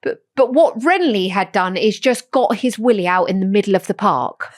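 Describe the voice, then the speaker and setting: A woman, co-hosting a podcast and telling stories in casual chat, acting out what others said. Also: medium pitch. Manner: animated storyteller, quick to act out quotes. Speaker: podcast co-host.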